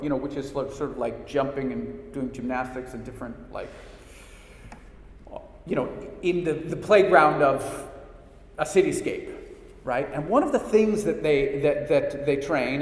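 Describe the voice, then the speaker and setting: A middle-aged man hosting a spiritual talk, telling stories casually with many restarts and fillers. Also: on the high side. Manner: chatty storyteller, frequent restarts and fillers. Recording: echoey hall reverb.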